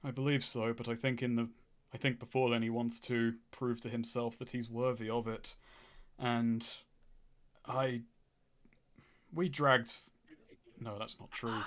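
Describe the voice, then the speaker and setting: A man's voice: medium pitch, level tone, a little slow, pauses often, a bit bright, a little hiss or hum, natural voice. A man playing an earnest young adventurer in a tabletop game, speaking hesitantly and reflectively.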